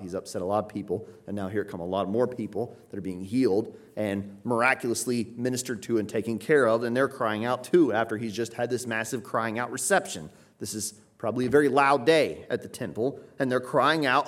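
A man teaching a Bible passage in a sermon, emphatic and repetitive, often checking in with "right?". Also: lowish voice. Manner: emphatic, repeats phrases, tags points with "right?". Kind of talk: expository sermon.

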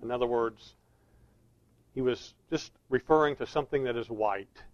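A man delivers an expository sermon earnestly, leaning on key words and slowing down for emphasis. His voice is medium-pitched, with no echo and the highs cut off.

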